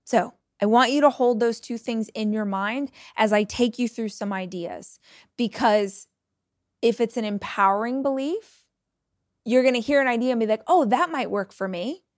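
A woman in her forties hosts a motivational podcast in a blunt, energetic voice and swears now and then. Her voice sits a little high. The close mic gives a dry sound with no room echo. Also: moderate pace. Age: 40s. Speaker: podcast host.

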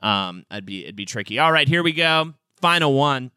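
A man's voice: mid-range voice, animated, normal speed, bright, forceful tone, clear, resonant tone, no echo. A man co-hosting a podcast, chatting and gossiping in a loose, jokey way and swearing freely. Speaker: podcast co-host. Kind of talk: casual gossip chat.

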